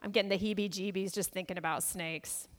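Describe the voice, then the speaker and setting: A woman's voice: medium pitch, fairly even intonation, fairly quick, in a large hall. A woman pastor preaching a sermon in a conversational, storytelling way, often asking the congregation questions.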